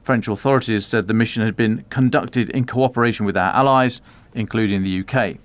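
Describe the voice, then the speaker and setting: A man's voice: fairly low pitch, fairly quick, no room sound. A man presenting a news roundup on a podcast, reading quotes with wry asides.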